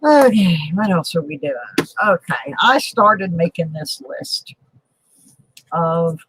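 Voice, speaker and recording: A woman's voice: lowish voice, lively intonation, slow pace, fairly bright tone, a little hiss or hum, low-quality recording. A middle-aged woman hosting a casual coin collecting live stream, chatting in a rambling, self-deprecating, humorous way from her home. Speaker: host of a coin collecting show. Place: home on a mountain.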